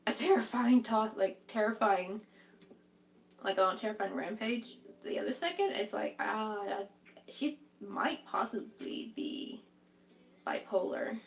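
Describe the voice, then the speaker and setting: A woman's voice: mid-range voice, unhurried, gravelly, far from the mic. A young woman hosting a crochet live stream, chatting casually and reacting to viewers' comments, saying "like" a lot. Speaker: crochet livestream host.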